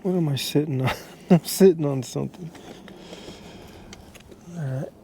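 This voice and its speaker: American man, mellow voice, chatty travel vlog, outdoors on a handheld camera. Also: fairly high pitch, unhurried, gravelly, slight background noise. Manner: chatty, easygoing, with fillers and laughs. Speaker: travel vlogger. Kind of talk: casual vlog narration. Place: outdoors on a desert cliff and campsite. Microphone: handheld action camera.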